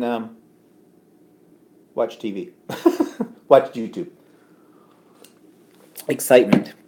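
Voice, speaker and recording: A man's voice: mid-range voice, slight background noise. A man co-hosting a casual live stream from home, chatting and reading out viewer comments with many ums. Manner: chatty, reads comments aloud, frequent ums.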